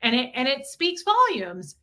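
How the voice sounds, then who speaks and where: A woman co-hosting a live stream, telling a personal story in an earnest, animated way that repeats itself. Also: sits high, unhurried. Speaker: co-host.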